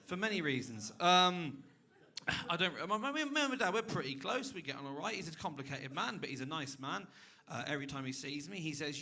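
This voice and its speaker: Young man, stand-up comic, bright slightly high voice, deadpan sarcasm, sudden loud rants, club stage mic. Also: a little fast. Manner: sarcastic, deadpan then suddenly loud and ranting at an audience member. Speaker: stand-up comedian. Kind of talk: stand-up comedy set.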